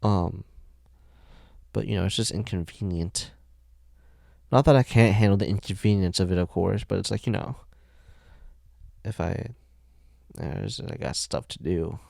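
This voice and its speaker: Sleepy, rambling man with a gravelly voice. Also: deep voice, unhurried, pauses often, darkish tone, no room sound, studio quality. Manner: rambling, jokey, self-mocking. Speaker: podcast host. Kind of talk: sleepy rambling solo podcast.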